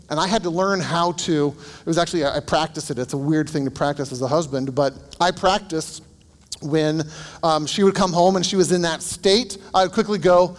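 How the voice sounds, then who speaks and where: In a large hall, a male counselor teaches a group at a moderate pace, his voice a little high. His conversational style is casual and full of anecdotes, and he puts questions to the group.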